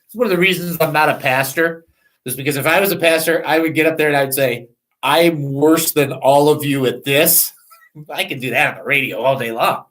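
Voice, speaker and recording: A man's voice: fairly high pitch, quick pace, pushed and bright, low-quality recording. A man hosting a radio show, teaching from the Bible in a candid, self-deprecating, chatty way.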